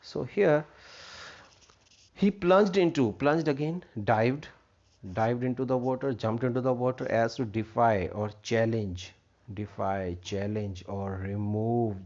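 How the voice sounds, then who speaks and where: Taking his time, a man of medium pitch and somewhat mellow tone works through an English textbook lesson. He defines vocabulary, says things more than once and leans on fillers, all captured in dull, lo-fi audio.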